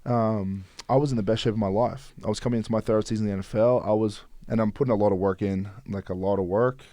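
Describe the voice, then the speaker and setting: Australian man, thirties, relaxed guest chat, low pitch, dry sound. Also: fast, no echo. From Queensland, Australia. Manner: laid-back, laughs often, many fillers. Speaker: podcast guest. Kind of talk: casual conversation.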